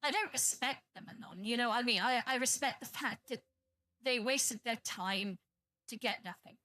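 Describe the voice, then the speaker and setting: A woman's voice: fairly high pitch, moderate pace, bright, forceful tone. A young British woman streaming live, chatting to viewers in a blunt, profane, rambling way and sounding tired. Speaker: livestreamer.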